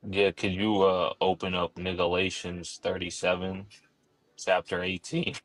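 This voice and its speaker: A man calling into a debate stream, trolling with a deadpan delivery. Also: low voice, measured pace, dry recording, poor audio. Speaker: caller. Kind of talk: prank call on a debate stream.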